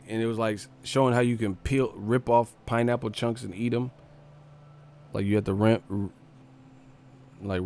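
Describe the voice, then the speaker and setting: A man's voice: medium pitch, vocal fry, a little hiss or hum. Young male stream host, Northern California street accent, casual and jokey, mid-range voice. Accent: Northern California, Sacramento. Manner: loose and joking, reads chat aloud, laughs often, slangy. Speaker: host of a live boxing stream. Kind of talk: casual live-stream chat.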